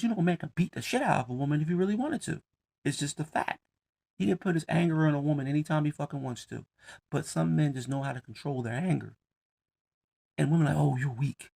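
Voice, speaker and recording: A man's voice: medium pitch, gravelly, darkish tone. A man with ranting bluntly and heatedly, with lots of profanity. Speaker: commentator. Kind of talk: casual rant to camera.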